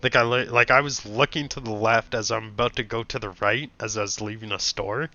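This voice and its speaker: Profane ranting young man, bright voice. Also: lowish voice, steady tone, a little fast. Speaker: streamer. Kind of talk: casual chat. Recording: dull lo-fi stream audio.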